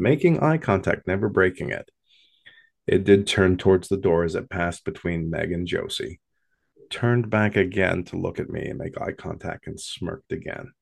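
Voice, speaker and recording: A man recounts his own paranormal experience at a slow, hushed pace that builds drama. His voice sits very low. It carries a gravelly rasp all the way through. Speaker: storyteller. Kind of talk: first-person paranormal story.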